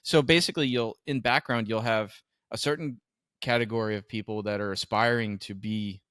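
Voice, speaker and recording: A man co-hosting a podcast about stunt work, explaining how film sets work in a relaxed way and chiming in on his partner's stories. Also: fairly low pitch, moderate pace, smooth, no room sound, studio quality. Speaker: podcast co-host, stunt performer. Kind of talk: casual chat.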